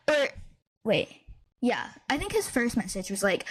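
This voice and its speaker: Lively young woman podcast co-host, dry sound. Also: high voice, moderate pace, slightly rough, no echo. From Midwestern United States. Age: 20s. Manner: animated storytelling, heavy use of "like". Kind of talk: casual chat.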